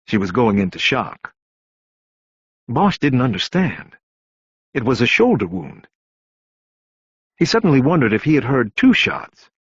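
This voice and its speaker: A male narrator reads crime fiction in a husky voice with lively rises and falls of pitch. The recording is dry and slightly dull, with no room around it. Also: dry recording. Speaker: audiobook narrator. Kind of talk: scripted crime novel narration.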